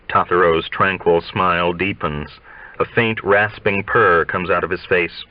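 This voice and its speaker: A man narrating a literary novel aloud in a measured, deliberate way. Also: sits low, steady tone, no echo. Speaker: audiobook reader. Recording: dry, dull lo-fi sound.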